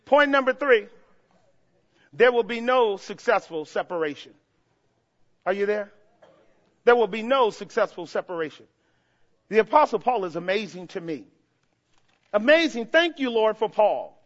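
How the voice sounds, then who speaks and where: A man preaching a sermon as pastor, swinging from soft asides to impassioned shouts. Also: high-pitched, expressive, normal speed, long pauses, muffled recording.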